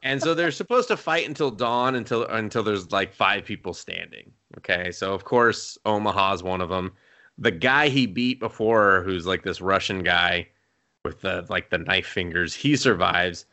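A man's voice: low voice, moderate pace, sharp tone. A young man on a podcast, recapping an anime in casual, profane chat and acting out the characters' lines. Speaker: podcast co-host.

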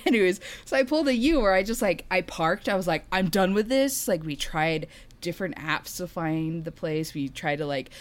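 A woman's voice: lowish voice, moderate pace. A young woman telling a travel story in casual chat, laughing often and filling her talk with "like". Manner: chatty, laughs often, many "like" fillers. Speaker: guest sharing a travel story.

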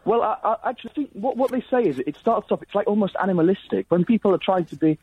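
A young man calling into a radio show as a student, eager and quick to argue, with hesitant restarts. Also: sits high, expressive, slightly rough, no room sound. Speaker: caller, linguistics student. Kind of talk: phone-in call. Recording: dry tinny phone line.

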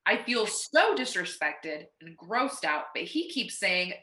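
A woman's voice: fairly low pitch, big pitch swings, takes it slowly, hardly any pauses, sharp tone. Dry-joking young woman, echoey room. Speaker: podcast co-host. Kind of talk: casual chat. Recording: roomy echo.

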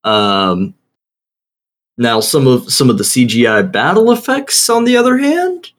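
A man co-hosting a casual chat, talking haltingly with many fillers and restarts, laughing often. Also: mid-range voice, sing-song. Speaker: podcast co-host.

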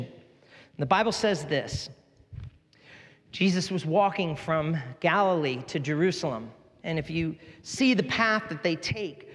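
A man preaching a sermon as pastor, animated and jokey, jumping between topics. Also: a little high. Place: large church hall. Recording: long hall reverb with faint music.

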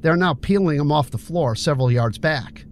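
A man reading an audiobook, voicing a young man who stays polite and calm in a tense standoff. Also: on the high side, moderate pace, a little hiss or hum, natural voice. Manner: polite, trying to stay calm.

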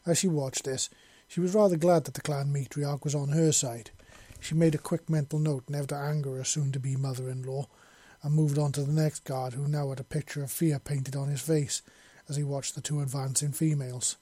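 Husky, mellow male storyteller. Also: fairly high pitch, little pitch movement, fairly quick, few pauses, dry recording. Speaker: audiobook reader. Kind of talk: story narration.

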